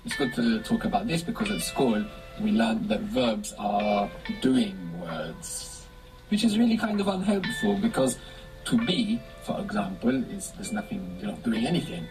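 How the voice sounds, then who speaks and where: A man's voice: mid-range voice, low-quality recording. A man teaching a language lesson, patiently explaining step by step and prompting his student with questions.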